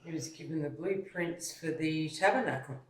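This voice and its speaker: A man's voice: on the high side, normal speed, a little hiss or hum. A man in a casual dining-table discussion, explaining in detail and sometimes searching for words. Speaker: discussion participant. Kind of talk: casual chat. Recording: echoey room.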